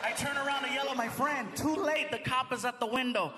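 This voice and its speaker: A man with a very high voice tells a stand-up story on stage, animated and shouting his punchlines. He speaks into a handheld mic, and clear noise runs behind him in the live recording. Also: fairly quick, hardly any pauses. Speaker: stand-up comedian. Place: comedy stage before a live audience.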